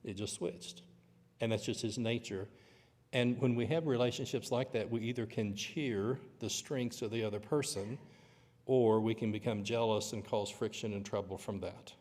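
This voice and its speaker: A man's voice: lowish voice, moderate pace, darkish tone, big-room sound. A man teaching a Bible lesson in church, with a conversational, storytelling manner. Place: church auditorium.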